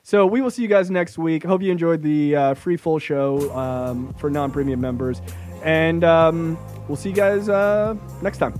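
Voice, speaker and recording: Over music, a male podcast host chats in a brash, profane, comedic way and laughs often. His voice is fairly high-pitched at a normal speed.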